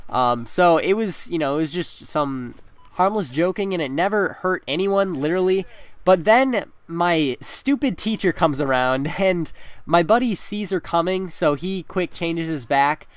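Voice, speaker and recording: A man's voice: fairly high pitch, lively intonation, measured pace, smooth, no echo. A young man in his teens, telling a school story in a chatty way with frequent laughs and fillers while commenting on gameplay. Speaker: gaming commentator. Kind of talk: casual storytelling over gameplay.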